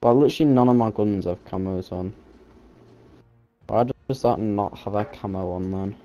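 A man's voice: lowish voice, normal speed, lo-fi sound, soft background music. A man chatting on a gaming stream, teasing and mock-bossy with his friend. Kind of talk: casual gaming banter.

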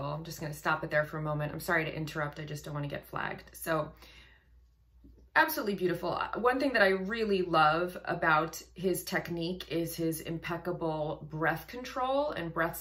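A woman vocal coach talks through a singer's technique with open admiration. Her voice sits a little low but comes across bright and forceful, as she walks through each point in careful detail. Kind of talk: music reaction commentary.

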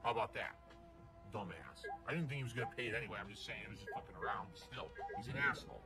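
A man's voice: on the low side, animated, fast. A man live-streaming from his home room, ranting bluntly and profanely at a viewer. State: out of breath. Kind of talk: casual live-stream chat. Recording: music playing under the voice.

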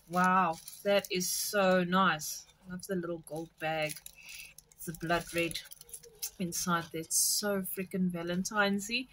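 Gushing, bright-voiced craft vlogger woman. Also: medium pitch, low-quality recording. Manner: gushing, excitable, addresses viewers as guys. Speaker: craft vlogger unboxing a subscription box. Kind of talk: casual unboxing chat to viewers.

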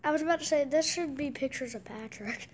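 A woman giving casual game commentary in an excitable voice, gasping with surprise and dropping into hushed asides. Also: sits high, a little fast, slight background noise. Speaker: gameplay commentator.

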